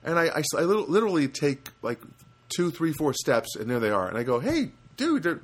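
Male storyteller, lively swooping voice, rambling comic monologue with voice impressions. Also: brisk. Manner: animated, jumps to high pitch for quoted voices and honk sounds; rambling with frequent restarts and asides. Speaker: comedic storyteller.

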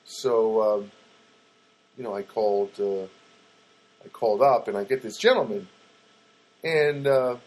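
Low-pitched and a little slow, this host pauses often as he rambles through a comedic monologue. He fills it with verbal fillers, self-corrections and sarcastic asides, all captured in poor audio.

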